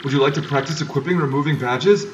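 A man's voice: fairly high pitch, fast talker, lo-fi sound, background noise, natural voice. A man voicing a shriveled old male mushroom professor who lectures at length. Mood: lecturing. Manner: long-winded lecturing. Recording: distant mic with loud game music.

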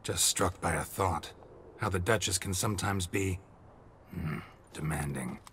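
An actor playing a weary middle-aged monster hunter in a video game, gruff and dry-witted. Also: male voice, low voice, unhurried, fairly bright tone, a little hiss or hum.

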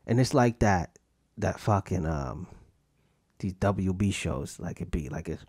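A man's voice: expressive, measured pace, darkish tone, slightly rough. A young adult man hosting a podcast, telling profane jokey stories in a loose casual rant. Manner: loose, profane, jokey storytelling with sudden pitch jumps. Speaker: podcast host.

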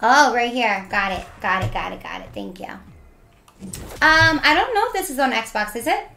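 Bubbly high-voiced woman streamer. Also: lively intonation, measured pace, creaky, bright, forceful tone, roomy sound, slight background noise. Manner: bubbly and playful, reads chat aloud. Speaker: game streamer. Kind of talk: casual live-stream chat with viewers.

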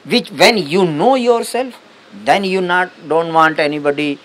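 A male spiritual teacher giving a satsang talk on meditation, speaking unhurried, halting English with many restarts. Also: high voice, a bit bright, poor audio.

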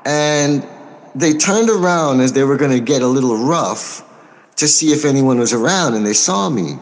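An American man, a record producer, answering interview questions in a measured way, pausing often with soft fillers and speaking forthrightly. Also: medium pitch, lively intonation. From United States. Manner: outspoken and forthright. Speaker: record producer and label owner.

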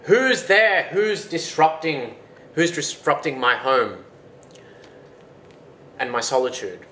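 A blind hairy giant bellows in a lifted, loud voice, played by a man reading a folktale. The sound is roomy and carries a faint background hiss. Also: animated, normal speed, lightly acted. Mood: startled. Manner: loud exclamations, raised pitch. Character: blind hairy giant hermit, gruff and surprised.

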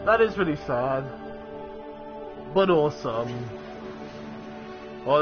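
A young man with a high voice talks his way through a video game, chatty and rambling, often tripping over his words and starting again. His mic sounds dull and lo-fi, with faint game music under him. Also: lively intonation, takes it slowly. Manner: chatty, rambling, with frequent restarts and fillers. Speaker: let's play gamer. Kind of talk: casual gameplay commentary.

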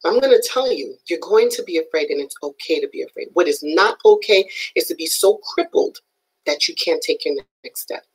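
A woman giving an animated, emphatic motivational talk on a live stream, often checking in with her viewers. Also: low voice, moderate pace, slightly rough, low-quality recording. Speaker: motivational speaker.

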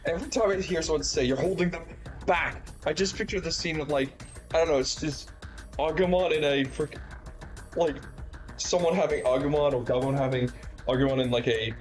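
A man's voice: on the high side, a little fast, soft background music. A man giving casual gameplay commentary as a let's play host, rambling and joking with lots of fillers.

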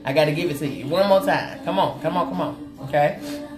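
A woman's voice: deep voice, fairly quick. A woman from Oklahoma hosting a makeup livestream, chatting in a sassy, playful way and calling out to viewers by name. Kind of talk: casual livestream chat with viewers. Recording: roomy sound with faint music.

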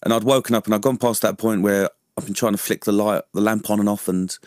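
A fast talker with a lowish, slightly mellow voice and fairly even intonation, this veteran radio guest from London keeps the interview casual and chatty. He laughs often and keeps asking "you know what I mean?", recorded dry at studio quality.

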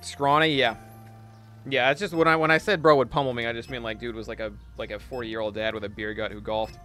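A man's voice: medium pitch, steady tone, fast talker, pushed and bright, soft background music. A young man streaming a game, chatting casually and telling a profane story while reading chat.

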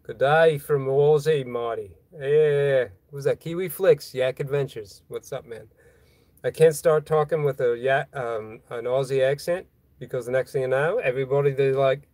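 A man's voice: mid-range voice, normal speed, darkish tone, dry recording. A man chatting casually on a phone livestream from a boatyard, reading viewer comments in a rambling, self-deprecating way with frequent chuckles. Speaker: vlogger hosting a livestream. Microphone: phone held in hand.

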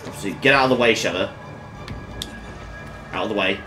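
A man's voice: lowish voice, a little fast, pauses often, pushed and bright, soft background music. A man giving casual let's-play commentary, chatty and swearing, with lots of fillers and laughing at his own jokes. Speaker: gamer.

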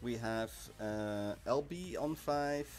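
A man hosting a live game stream, chatting casually and excitably, sometimes bursting into shouts. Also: mid-range voice, slow. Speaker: livestream host of an online game event. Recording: faint music in the background.

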